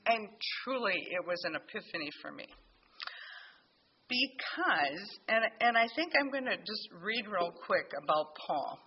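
A woman's voice: medium pitch, lively intonation, unhurried, breathy edge. Heartfelt woman sharing testimony, lo-fi. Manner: heartfelt, emotional, reads scripture aloud. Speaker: bible study group member. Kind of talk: personal testimony in a group. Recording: dull lo-fi with faint hiss and clicks.

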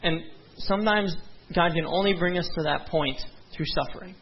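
A man's voice: fairly high pitch, moderate pace, breathy edge. A young man preaching a sermon as a pastor, earnest and conversational, with frequent asides to the congregation. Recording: dull lo-fi sound.

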